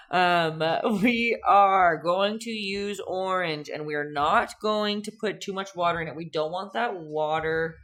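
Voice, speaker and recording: Low-voiced woman teaching painting live. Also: a bit bright. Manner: chatty and playful, reads out chat, giggles often. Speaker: painting instructor on a live stream. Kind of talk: casual live-stream painting lesson, chatting with viewers.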